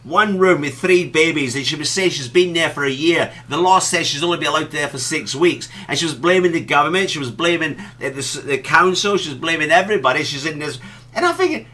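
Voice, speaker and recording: A man's voice: a little high, fairly quick, few pauses, pushed and bright. A man co-hosting a radio talk show, indignantly ranting and pressing his co-host with questions. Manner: indignant, repeats the other host's name.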